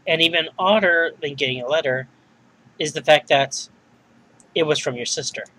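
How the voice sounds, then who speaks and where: A man's voice: fairly high pitch, moderate pace, pushed and bright, rough recording. A man reading as a hesitant young woman bartender. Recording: faint music behind.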